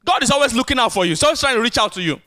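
A man preaching with a bright, ringing tone and a voice pitched high for a man. He preaches in an animated way, calling for responses from the congregation and swinging between loud and soft. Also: very fast. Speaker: pastor. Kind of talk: sermon.

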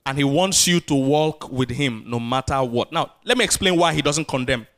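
A man preaching a sermon as pastor, animated, drawing responses from the congregation. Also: mid-range voice, normal speed.

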